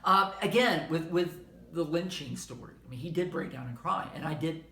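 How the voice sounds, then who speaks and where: A man's voice: on the high side, moderate pace, vocal fry, slight background noise. A middle-aged man with a Southern American accent giving an informal, conversational history lecture, correcting himself as he goes. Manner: conversational, self-correcting, animated asides. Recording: echoey room.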